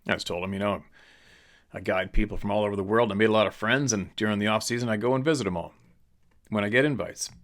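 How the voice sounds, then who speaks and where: Talking quickly in a fairly low, rather bright voice, a man from British Columbia, Canada, who works as a hunting and fishing guide hosts the show. His casual monologue over a viewer letter is blunt, full of opinion, and wanders.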